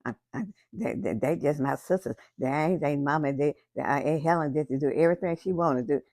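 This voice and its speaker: Older female gospel singer, animated storyteller, low-ish voice, dry close sound. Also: fairly quick, no room sound. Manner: animated storyteller, Southern Black vernacular grammar. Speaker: interview guest, gospel singer. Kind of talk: casual storytelling chat.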